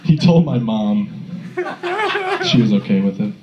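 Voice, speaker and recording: A man doing a crude, animated stand-up set in a comedy club, recorded on a phone from the audience. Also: on the low side, a little slow, echoey room, highs cut off, a crowd in the background. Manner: crude, animated storytelling with acted-out voices. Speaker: stand-up comic.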